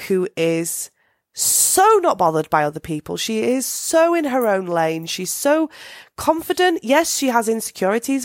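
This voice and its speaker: A woman's voice: mid-range voice, no room sound, studio quality. A woman hosting a casual solo podcast, rambling with many fillers and restarts. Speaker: podcast host.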